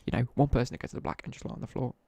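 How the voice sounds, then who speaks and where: A man's voice: mid-range voice, expressive, rapid-fire, vocal fry, mellow, slightly rough, dry recording. A young man with a British accent telling laddish school stories in casual live-stream chat while gaming. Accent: British English. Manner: chatty, laddish anecdotes with slang, asides while gaming.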